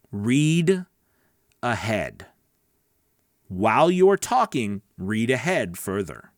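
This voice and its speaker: A man's voice: mid-range voice, dry recording, clean studio sound. A man coaching voice actors in a casual, earnest teaching talk, chatty and often checking in with "right?". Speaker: voice-over coach.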